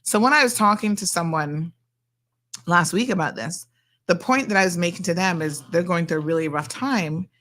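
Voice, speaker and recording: Chatty woman host, low voice. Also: moderate pace. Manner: chatty and animated, acting out quoted people. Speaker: talk show host. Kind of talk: casual storytelling monologue.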